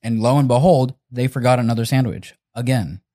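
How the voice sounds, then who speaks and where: A man in casual chat with friends, telling a long story in an animated, profane way. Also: mid-range voice, brisk, dry recording, clean studio sound.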